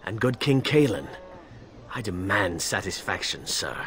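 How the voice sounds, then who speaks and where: A stern, proud game knight. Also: male voice, sits low, big pitch swings, a little slow, fairly bright tone, slight background noise, full character voice. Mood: accusing. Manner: formal, stiff, honor-bound. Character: proud, stern male knight seeking a duel. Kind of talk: video game dialogue.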